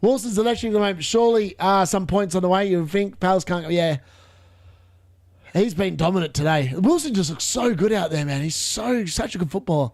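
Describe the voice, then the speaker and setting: A young man commentating live on football matches for a fantasy football stream, chatting along and bursting into shouts at near misses. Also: high-pitched, brisk. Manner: chatty, muttering asides between reactions.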